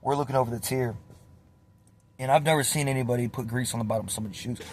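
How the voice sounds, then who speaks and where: A man's voice: mid-range voice, racing, slight background noise. A young man telling a casual, profane story, acting out what others said. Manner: animated, swearing, acts out quotes.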